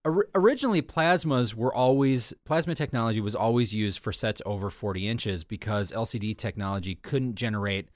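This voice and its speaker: A man's voice: lowish voice, fairly quick, few pauses, no echo, clean studio sound. A man co-hosting a casual tech podcast, chatting in a rambling, self-correcting way. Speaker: podcast co-host.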